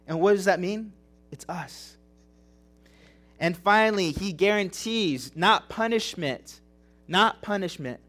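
A man's voice: sits high, a bit bright. A young man preaching a sermon as pastor, earnest and emotional, repeating phrases and asking rhetorical questions. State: tearing up.

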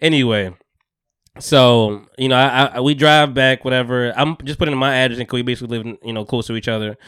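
A man's voice: mid-range voice, a little fast, fairly bright tone, smooth, no echo. Man telling a profane story, dry mic. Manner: profane, laughing storyteller acting out both sides of the exchange. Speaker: podcast co-host. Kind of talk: casual podcast storytelling.

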